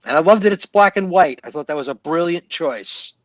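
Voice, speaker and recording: Dry-sounding, animated chat co-host. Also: medium pitch, fairly quick, no echo, highs cut off. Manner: enthusiastic, teasing, laughing. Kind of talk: casual chat.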